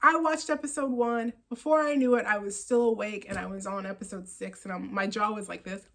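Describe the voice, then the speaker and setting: A woman hosting a knitting podcast, chatting casually about her yarn purchases in an excitable, rambling way with frequent laughs. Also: medium pitch, a little fast, rough recording.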